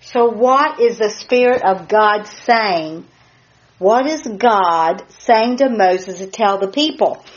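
A woman leading an informal Bible study, repeating key words and spelling out terms as she gets excited. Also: medium pitch, takes it slowly, highs cut off. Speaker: Bible teacher.

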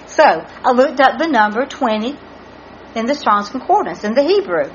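A woman's voice: on the high side, lively intonation, moderate pace, a little hiss or hum. A woman teaching a Bible study, earnestly spelling out Hebrew words letter by letter. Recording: muffled lo-fi recording with faint background ambience.

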